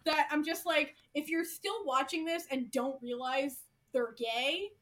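A woman's voice: sits high, measured pace, fairly bright tone. A woman co-hosting a casual podcast, gushing about a show, swearing freely and saying "like" a lot. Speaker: podcast co-host.

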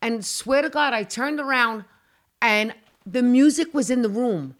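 A woman's voice: a little high, unhurried. Woman telling a dramatic story. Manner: animated, dramatic, acts out her own cries and quotes, swears. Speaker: show guest telling a story. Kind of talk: casual storytelling on a podcast.

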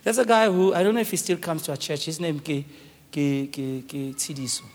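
A man's voice: on the high side, fairly even intonation, a little fast. A man preaching a sermon as pastor in a church hall, pleading and storytelling with passion. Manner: impassioned preaching with personal storytelling. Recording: long hall reverb.

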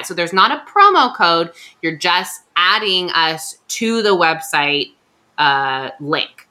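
A woman with a Californian Valley Girl accent chats her way through a podcast ad read and banter. Her voice is bright and crisp, and her pitch swoops up and down, with lots of "like" and quick giggles. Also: animated. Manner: chatty, peppered with "like", giggly. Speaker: podcast co-host. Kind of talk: casual chat and ad read.

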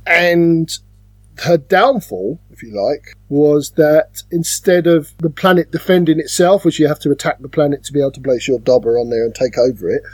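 A man's voice: fairly high pitch, darkish tone, slightly rough, no room sound. A British man co-hosting a podcast, chatting casually about board games and telling stories with playful put-on voices. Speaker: podcast co-host.

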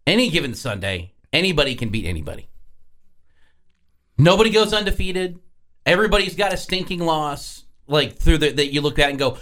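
Animated, exasperated sports radio host man. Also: fairly high pitch, a little fast. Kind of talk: sports talk radio chat.

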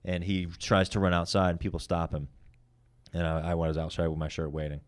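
Male comic, low voice, rapid-fire profane storytelling. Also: little pitch movement. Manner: fast, profane, heated retelling. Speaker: stand-up comedian. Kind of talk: casual storytelling.

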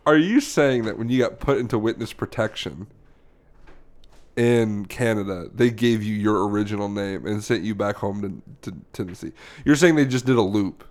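A man's voice: fairly low pitch, moderate pace, a little mellow. A man co-hosting a comedy podcast, amused and quizzing his partner, speaking into a mic on a stand. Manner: amused, quizzing interviewer, laughs easily. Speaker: podcast co-host. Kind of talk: improvised comedy chat.

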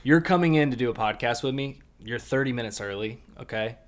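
Animated young man recapping an anime. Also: mid-range voice, brisk. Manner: animated, swings loud on emphasis, jokey. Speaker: podcast co-host. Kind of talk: casual chat recapping an anime episode.

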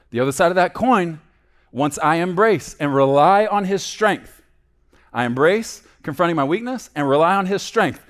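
A man preaching a sermon as a pastor, swinging between loud emphasis and hushed low asides. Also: expressive, moderate pace.

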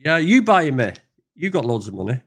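A man's voice: medium pitch, big pitch swings, fairly quick, fairly bright tone. An older man hosting a podcast over a video call, chatting casually, rambling and joking with lots of ums. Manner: rambling, joking, self-deprecating, with many fillers. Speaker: podcast host, truck driver.

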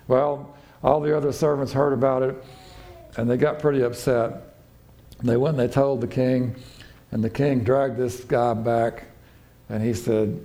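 A man preaching in an easygoing, conversational way, retelling a story and voicing its people. His voice is mellow and warm, not bright, and sits in a middle register. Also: steady tone, a little slow, long pauses. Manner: conversational storytelling, acting out quotes with raised pitch. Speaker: pastor. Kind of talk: sermon.

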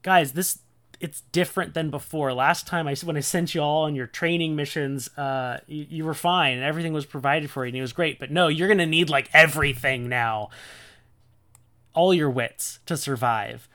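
A man's voice: a little high, moderate pace, pushed and bright. A man voicing Jesus in casual modern slang as he retells a scene. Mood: explaining. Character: weary, plain-talking male Jesus, casually retold.

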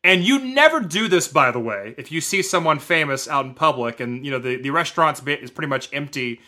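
A man co-hosting a podcast, telling a rambling story in casual chat, animated, full of fillers and laughs. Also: on the high side, fairly quick. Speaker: podcast co-host.

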